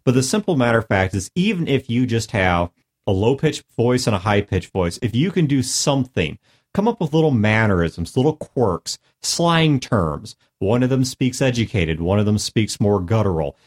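At a moderate pace and medium pitch, his voice takes on a sing-song quality. The co-host lays out tabletop role-play tips by number, sounding sincere and casual while modestly brushing off his own abilities.

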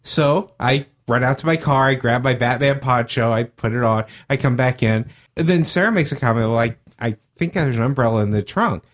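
A man's voice: medium pitch, a little fast, hardly any pauses. A man co-hosting a podcast, telling an anecdote in casual chat with care for details. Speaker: podcast co-host.

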